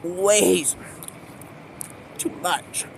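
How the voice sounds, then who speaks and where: A man's voice: high-pitched, steady tone, drawn-out words, vocal fry, a little hiss or hum. A young man livestreaming, rambling from one loose thought to the next and acting out the voices of the people in his stories. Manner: rambling, free-associating, acts out quoted voices. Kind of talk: rambling live monologue.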